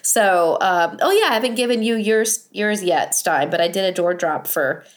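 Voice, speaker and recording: A woman co-hosting a casual podcast chat, enthusiastic and chatty, her voice raspy and hoarse from a cold. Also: medium pitch, lively intonation, moderate pace. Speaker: podcast co-host.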